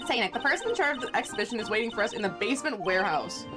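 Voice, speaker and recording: Brief: playful young woman sidekick from a mystery game, teasing, read by a woman in her own high lively voice. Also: very fast, over music.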